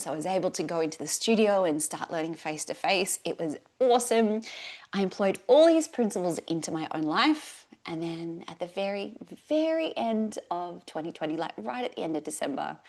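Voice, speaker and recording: A woman, a fertility yoga teacher telling her own story in a live class, earnest and at times emotional and soft. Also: fairly low pitch.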